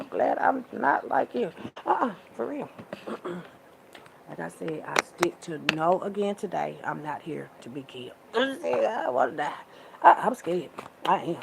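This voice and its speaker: Gravelly, sassy woman preaching to camera. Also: lowish voice, background noise. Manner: sassy, preachy, drawn-out with pet names. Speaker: vlogger. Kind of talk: casual monologue to camera.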